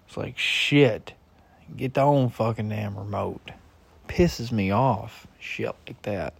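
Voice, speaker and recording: Slow, profane, griping young man. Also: fairly low pitch, gravelly, darkish tone, no room sound. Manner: heavy swearing, griping and exasperated. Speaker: husband venting. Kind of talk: profane personal rant.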